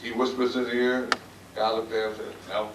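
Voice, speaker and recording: A man's voice: mid-range voice, level tone, fairly quick, noisy background. Man joking through an award speech. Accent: Midwestern American. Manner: folksy, self-deprecating, joke-telling. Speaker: award recipient giving a speech. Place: banquet room. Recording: echoey hall taped from far off, loud crowd. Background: crowd murmur and laughter.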